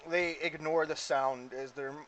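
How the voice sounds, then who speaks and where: A man's voice: on the high side, fairly even intonation, a little slow, a bit bright, a little hiss or hum, poor audio. A man running a tabletop game as game master, rambling and stumbling over his words with giggles.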